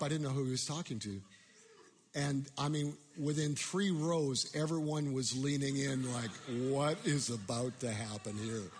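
A man's voice: fairly high pitch, in a large hall, a little hiss or hum. A man preaching a sermon, telling a personal story in a self-deprecating way with many restarts.

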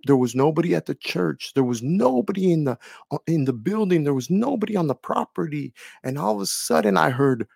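Man, testimony speaker: rough gravelly voice, slightly raised pitch, earnest and emotional, leans on repetition. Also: lively intonation, brisk, a little mellow, no echo, studio quality. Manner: earnest, emotional, repeats phrases for emphasis. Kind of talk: personal faith testimony.

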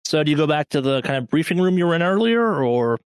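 A man's voice: on the high side, sing-song, fast, smooth, no echo, clean studio sound. A man narrating a tabletop game as game master in a casual, hedging way.

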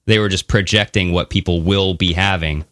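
Male podcast co-host, low and sharp-toned, animated casual delivery, dry studio sound. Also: moderate pace, no echo. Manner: animated, swearing, mocking voices. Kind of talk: casual conversational podcast talk.

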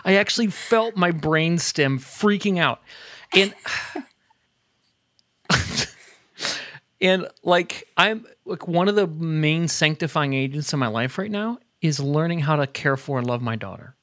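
Middle-aged guy on a podcast, kinda high voice, dry close sound, gets excited telling stories. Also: no room sound. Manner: animated storyteller, quick bursts and laughter. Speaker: podcast co-host. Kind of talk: casual chat. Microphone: headset earbuds at a desk.

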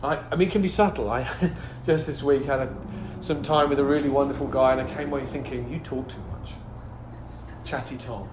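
A man preaching a sermon as pastor, animated, swinging from hushed tones to loud exclaiming and calling for hallelujahs. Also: medium pitch, fast talker, background noise. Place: church hall. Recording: echoey hall, faint ambience.

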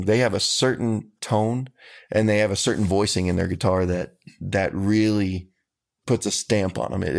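A man's voice: low-pitched, darkish tone. A man, a country singer talking earnestly and unhurriedly as an interview guest. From Texas. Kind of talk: casual interview talk.

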